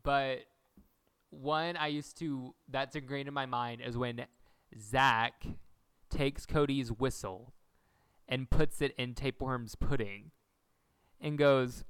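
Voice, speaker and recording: A man's voice: mid-range voice, slow, pauses often, smooth, no echo. A young man co-hosting a podcast, casually recapping a TV episode and acting out the characters' lines as he retells it. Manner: animated storyteller acting out quotes. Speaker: podcast co-host.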